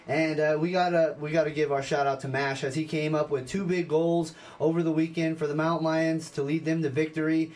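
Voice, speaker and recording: Young male college radio sports host, slightly high voice, casual and chatty, stat-reading with fillers. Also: little pitch movement, fairly quick, hardly any pauses, darkish tone. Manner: chatty, reads stats with fillers and restarts.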